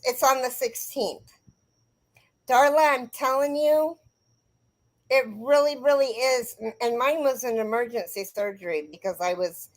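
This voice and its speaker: A woman's voice: fairly high pitch, poor audio. Chatty middle-aged woman hosting a crochet stream. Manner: chatty, rambling, talks straight to viewers by name. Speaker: crochet livestream host. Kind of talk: casual live chat reading comments.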